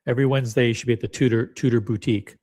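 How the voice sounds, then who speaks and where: A man's voice: mid-range voice, fairly even intonation, rapid-fire, darkish tone. Rambling, joking male livestream host. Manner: rambling, joking, self-deprecating. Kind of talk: casual livestream chat.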